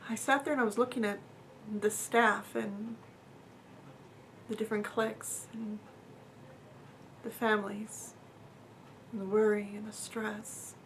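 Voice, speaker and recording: A woman recounts a personal experience with earnest sincerity, speaking casually and haltingly with fillers and repeats, her voice occasionally dropping near a whisper. Her medium pitch is steady and fairly bright in tone, with a little hiss or hum.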